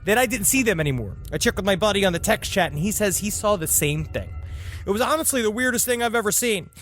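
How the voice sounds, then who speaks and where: A man co-hosting a comedy podcast, reading a listener story and giving relaxed, deadpan reactions. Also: high voice, fast, soft background music. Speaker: podcast co-host.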